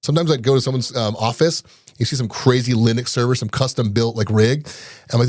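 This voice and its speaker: A man's voice: medium pitch, dry recording, clean studio sound. A man in his forties, a business owner guest telling stories in a casual interview and acting out quoted dialogue. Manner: fast, animated, acts out quoted dialogue.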